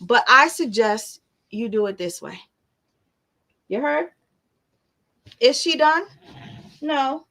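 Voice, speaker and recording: A woman's voice: sits high, expressive, slow pace, long pauses, pushed and bright. A young woman, chatting casually and emphatically on a livestream as an artist, with motivational asides.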